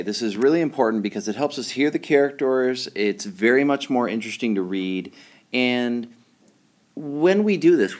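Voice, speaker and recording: A man teaching a writing lesson in a patient, explanatory way, often checking in with his students. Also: mid-range voice.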